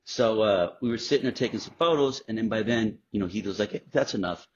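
Guy with a low husky voice telling wild stories on a podcast, swears a lot, kinda muffled lo-fi sound. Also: fast, a little hiss or hum. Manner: candid, profane, animated anecdotes. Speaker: podcast guest, actor. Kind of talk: casual storytelling. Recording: dull lo-fi sound.

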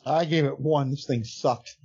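Male co-host with wry quick interjections, husky and slightly lo-fi. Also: mid-range voice, a little mellow. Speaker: podcast co-host. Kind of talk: casual chat.

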